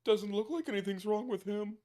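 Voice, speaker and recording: A man doing a fussy dinosaur teen boy in falsetto. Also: brisk, warm tone, natural voice. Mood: concerned. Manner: high, strained falsetto.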